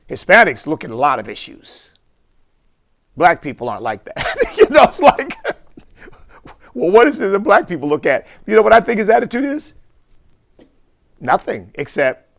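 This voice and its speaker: A man, a bishop, giving impassioned preaching-style commentary full of rhetorical questions. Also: high voice.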